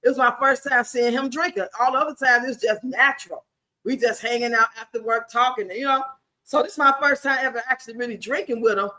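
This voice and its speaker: A woman's voice: a little high, fast, bright, forceful tone. A woman, telling sassy personal stories casually to viewers in a livestream chat. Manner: sassy, laughing, talks back to viewers. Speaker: livestream host. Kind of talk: casual storytelling to a live chat.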